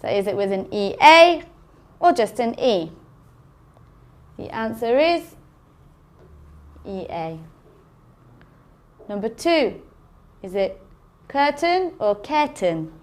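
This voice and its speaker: Slow, careful phonics teacher, woman. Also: mid-range voice, very animated. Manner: slow, careful enunciation of sounds. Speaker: English teacher. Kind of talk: phonics lesson.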